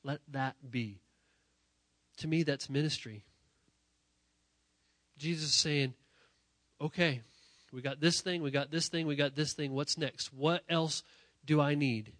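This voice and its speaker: A man preaching a sermon to young people in a church, talking while sick, emphatic and direct, often repeating phrases and swinging from loud to quiet. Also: a little high, fairly even intonation, measured pace, pauses often, dry recording. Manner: emphatic, rising to near-shouting then dropping quiet; repetitive, direct address to the audience. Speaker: youth pastor.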